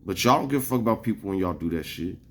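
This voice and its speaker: A man's voice: low-pitched, animated, very fast, a bit bright. A man vlogging an angry, profane rant at his viewers, rambling and restarting his sentences as he goes. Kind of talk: casual ranting monologue to viewers.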